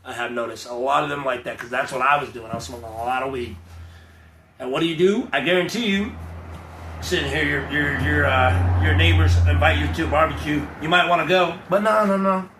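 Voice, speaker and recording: Speaking fairly quickly in a fairly high voice, a young male vlogger launches into a blunt, profane, unscripted rant to the camera. He frequently mocks people by imitating their voices, and the recording is echoey with loud ambient noise.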